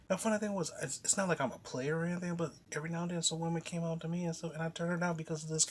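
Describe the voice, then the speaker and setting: A man's voice: fairly high pitch, slight background noise. Rambling, profane male storyteller. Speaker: comic book vlogger. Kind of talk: casual storytelling.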